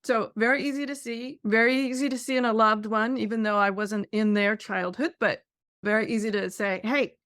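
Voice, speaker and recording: A woman's voice: fairly high pitch, fairly even intonation, brisk, fairly bright tone, no echo, studio quality. A middle-aged woman hosting a podcast, asking chatty, reflective questions. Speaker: podcast host. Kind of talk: podcast interview.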